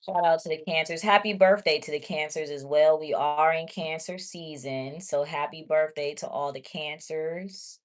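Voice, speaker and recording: Low-voiced woman doing a casual tarot reading. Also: moderate pace, few pauses. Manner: chatty, blunt, talks straight to viewers. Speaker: tarot reader.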